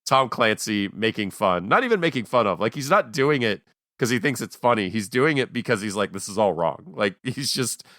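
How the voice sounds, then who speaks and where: A man co-hosting a podcast, telling a story in an animated way with dry, sarcastic asides. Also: mid-range voice, moderate pace, no echo. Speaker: podcast co-host. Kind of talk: casual chat.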